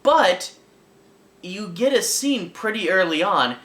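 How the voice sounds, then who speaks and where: Bright-voiced man reviewing a film. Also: medium pitch, unhurried. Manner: conversational, frequent ums and restarts. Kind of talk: casual film review talk. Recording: echoey room.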